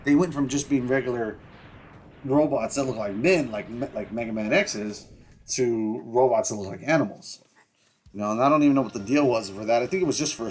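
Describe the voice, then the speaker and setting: A man talks loosely over his own gameplay, wandering between thoughts with plenty of fillers and the odd swear. His voice sits at an ordinary middle pitch. Faint game music plays underneath. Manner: rambling, lots of fillers, mild swearing, voices imagined quotes. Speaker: gameplay streamer. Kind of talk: casual let's-play commentary.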